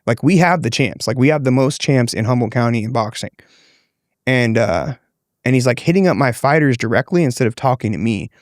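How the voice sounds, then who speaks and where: A man's voice: mid-range voice, brisk, dry recording, studio quality. A man, a boxing coach, casually telling a heated story on a podcast, swearing often and acting out what people said. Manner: animated, swears often, acts out quotes.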